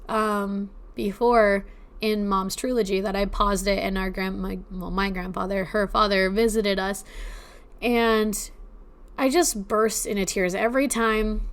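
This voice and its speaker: A young woman casually telling personal ghost stories on a podcast, emotional and teary-eyed at times, chatting with plenty of fillers. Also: medium pitch.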